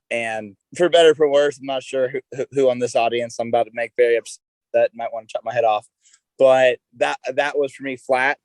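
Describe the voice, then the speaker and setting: A man co-hosting a casual gaming podcast, speaking in a measured way that restarts phrases. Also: mid-range voice, no room sound, poor audio. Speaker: podcast co-host.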